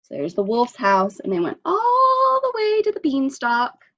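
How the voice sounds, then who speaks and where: A woman librarian reading a picture book aloud at story time, expressive and stopping to ask the children questions. Her voice sits somewhat high, and the recording is dull and lo-fi. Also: measured pace.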